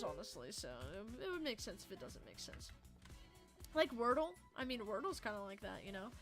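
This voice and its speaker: A woman's voice: fairly high pitch, fairly bright tone. Chatty, swearing young woman streamer. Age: about 18. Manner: rambling, swears freely, answers chat, quick mood swings. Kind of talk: casual livestream chat while gaming.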